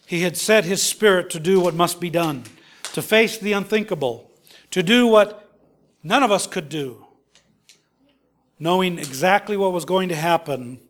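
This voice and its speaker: Pastor, male, fairly high voice, impassioned preaching that falls to a hush. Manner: impassioned preaching, rises and drops to hushed tones. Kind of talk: sermon.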